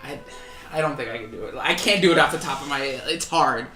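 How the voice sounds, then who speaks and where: A man's voice: medium pitch, fast, sharp tone, soft background music. A young man co-hosting a casual podcast, giving blunt opinions and laughing often. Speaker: podcast co-host. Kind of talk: casual chat. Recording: echoey room.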